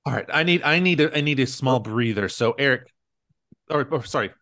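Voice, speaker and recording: A man's voice: mid-range voice, animated, fairly quick, a bit bright, dry recording. A male podcast host whose voice swoops up and down as he rants and teases. The recording is close and dry, with no room sound at all. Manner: blunt, joking, exasperated rants. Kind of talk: casual podcast chat.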